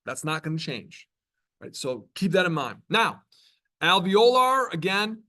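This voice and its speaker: A man's voice: high voice, sing-song, a little slow, bright, forceful tone. A man from New York giving a college biology lecture in a classroom, talking in a chatty, conversational way and often checking in with "right?". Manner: conversational, chatty, with frequent tag questions.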